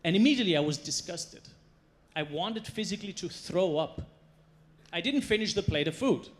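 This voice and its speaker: Guy doing a stage talk, kinda high voice, tells stories with lots of punch and humor. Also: expressive, normal speed. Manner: storytelling, emphatic, playful. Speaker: chef giving a stage talk. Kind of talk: stage presentation. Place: stage before a live audience.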